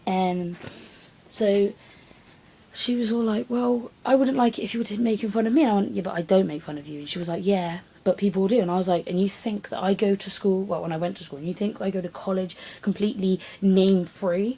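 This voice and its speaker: A woman's voice: medium pitch, a little fast, breathy edge, low-quality recording. A teenage girl, rambling through a personal story in a casual vlog and acting out what people said. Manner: rambling, animated retelling with acted quotes. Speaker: vlogger.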